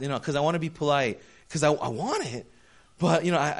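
A man preaching to a congregation in a relaxed, storytelling way, acting out the back-and-forth of conversations with a friend. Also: fairly high pitch, a little fast. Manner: casual, storytelling, acts out dialogue. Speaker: pastor. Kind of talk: sermon.

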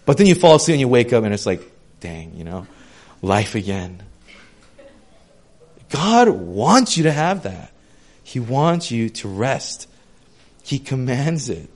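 A young man preaching a sermon in a lively, conversational way, full of asides and casual slang. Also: medium pitch, moderate pace. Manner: animated, conversational, with lots of asides. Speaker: pastor.

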